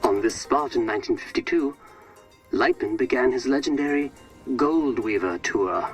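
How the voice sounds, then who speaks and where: A man voicing the stately narrator of a video game, telling a space legend in measured, scripted narration. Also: medium pitch, faint music behind, close to an everyday voice, rough recording. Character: grand male storybook narrator of a space legend.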